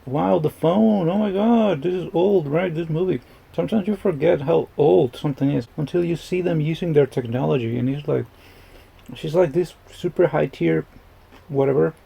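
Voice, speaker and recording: A man's voice: a little high, moderate pace, vocal fry, warm tone, husky. A man chatting casually as he reacts to a movie, rambling and joking with frequent restarts. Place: indoors at home.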